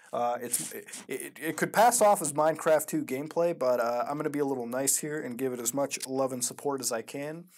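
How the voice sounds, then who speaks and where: A man hosting a casual reaction commentary, profane and excitable, swinging from mumbled asides to loud outbursts. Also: mid-range voice, slight background noise. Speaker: host.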